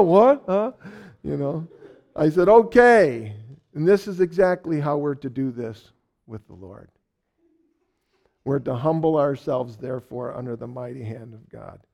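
A middle-aged man preaching a sermon, telling a personal story with lively repetition for emphasis. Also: a little high, vocal fry. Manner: animated storyteller, repeats phrases for emphasis; ends in a quiet closing prayer. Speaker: pastor.

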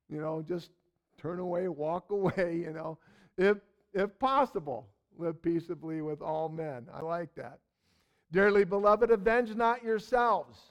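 A man teaching a verse-by-verse sermon in a folksy way, with loud stresses and soft asides, repeating words as he searches. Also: a little high. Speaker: Bible teacher.

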